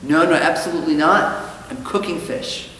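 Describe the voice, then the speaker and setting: A man's voice: fairly even intonation, moderate pace, bright, forceful tone, heavy reverb, long reverb tail, far from the mic, slight background noise. A man doing a stammering, flustered husband caught out. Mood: flustered protest. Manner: high, stammering, protesting. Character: flustered middle-aged man caught lying, pleading.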